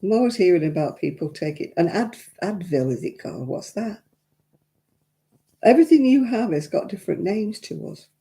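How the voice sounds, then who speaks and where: A woman's voice: mid-range voice, lively intonation, normal speed, mellow. A woman hosting a casual craft live stream, telling stories in a chatty, self-mocking way and laughing between them.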